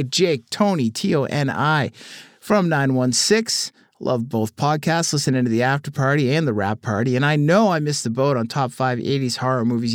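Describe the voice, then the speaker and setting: A man's voice: mid-range voice, dry recording. A man hosting a podcast, casually reading listener texts aloud with dry, swearing asides. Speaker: podcast host. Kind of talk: casual listener-mail segment.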